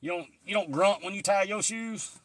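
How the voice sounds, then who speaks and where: A man with a high voice speaks at a moderate pace in a dry recording. He's outdoors in the woods, live-streaming on a handheld phone, rambling folksily and fielding viewer comments in casual chat.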